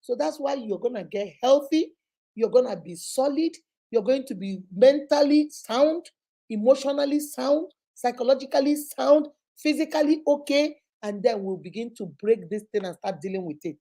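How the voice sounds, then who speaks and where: A woman with a high, expressive voice and a dark tone hosts a live advice session at a moderate pace. She is a relationship advice host and child therapist, emphatic and motherly, who repeats her points and calls the listener "baby."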